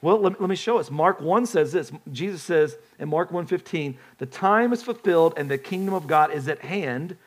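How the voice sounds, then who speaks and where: A male pastor delivers a sermon in a loose, conversational way, with a voice that sits a little on the high side. He keeps putting questions to his listeners and often restarts his phrases as he talks. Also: animated, normal speed, few pauses. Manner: conversational, asks the congregation questions, frequent restarts.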